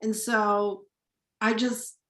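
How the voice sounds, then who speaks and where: A woman's voice: mid-range voice, flat delivery, very slow, echoey room. A woman in her forties giving an earnest, emphatic testimonial over a video call, often repeating herself for emphasis. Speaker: community member sharing a testimonial.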